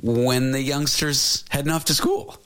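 A man's voice: medium pitch, fairly even intonation, measured pace, fairly bright tone, clean tone. A man hosting a casual conversation, chuckling and offering everyday examples. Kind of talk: casual chat.

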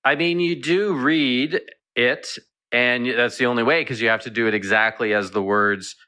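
A man's voice: mid-range voice, normal speed, sharp tone. A man, a veterinarian and author, chatting as a guest in a radio interview and telling animal stories. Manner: chatty storyteller, repeats words.

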